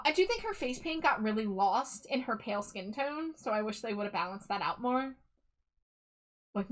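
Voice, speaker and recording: Woman streamer chatting away about doll designs, mid pitch, casual and opinionated. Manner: chatty, opinionated, talks it through with fillers. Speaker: streamer host.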